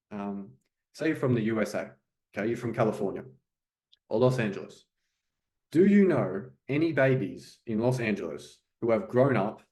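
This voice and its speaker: A man coaching language learners in a loose, conversational monologue, often checking in with "okay?" and "right?". His voice sits at an ordinary middle pitch for a man. The room around him is noticeably echoey. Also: darkish tone. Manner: conversational, frequent fillers like "okay" and "you know". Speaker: French coach.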